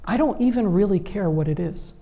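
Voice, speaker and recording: A man's voice: sits high, expressive, a little fast, vocal fry, warm tone. A man, telling wry stories with many "like" and "you know" as a guest author on stage. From Egypt. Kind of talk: conversational storytelling on stage.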